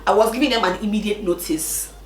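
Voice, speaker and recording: A woman's voice: mid-range voice, fast talker, darkish tone, echoey room, soft background music, poor audio. A young woman, telling a personal story to her viewers in a casual, emotional way. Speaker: vlogger.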